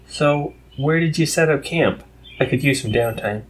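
A curious, friendly woman scientist and officer who explains things thoughtfully, as a man reading the story puts her on. The voice is only a little higher than plain narration. It is a storybook reading. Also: moderate pace, close to an everyday voice.

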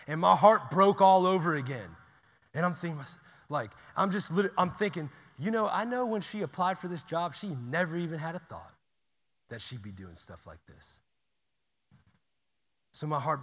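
Man, preacher, casual talk, loud then hushed, voice a little high, long hall reverb. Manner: swings from loud urgent preaching to hushed near-whispers; casual and conversational, says "y'all" and "dude". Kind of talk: sermon.

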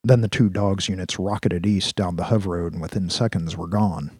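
Deep, husky-voiced male narrator. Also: moderate pace, no echo, studio quality. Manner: steady storytelling. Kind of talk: scripted audiobook narration.

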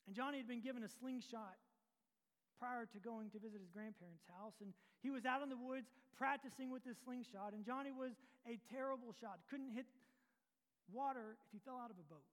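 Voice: mid-range voice, fairly quick. Preacher in an echoing sanctuary. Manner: storytelling, dropping to hushed tones. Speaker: pastor. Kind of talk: sermon. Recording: long reverb of a large room.

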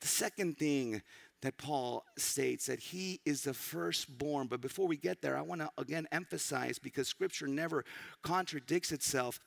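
A man preaching a teaching sermon in a slightly raised voice with a gravelly edge. He talks like a teacher, stressing key words hard, then sinking low and quiet. The delivery is emphatic and earnest. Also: normal speed. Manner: emphatic, rising to loud stresses and dropping to near-whispers; teacherly, tells listeners to underline phrases.

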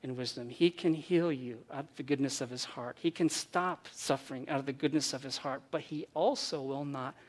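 A man preaching a sermon, animated, acting out quoted voices and swinging between loud emphasis and hushed lines. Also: mid-range voice, moderate pace, few pauses. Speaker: pastor.

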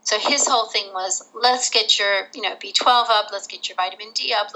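Bright, gravelly-voiced woman telling her story. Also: medium pitch, moderate pace, hardly any pauses, slight background noise, rough recording. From Australia. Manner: candid, animated, laughs through the hard parts. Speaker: interview guest. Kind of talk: casual storytelling.

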